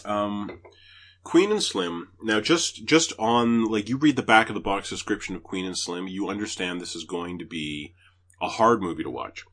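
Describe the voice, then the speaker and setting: Low-voiced man in casual, profane chat. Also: normal speed. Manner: profane, animated retelling. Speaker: podcast host reviewing movies.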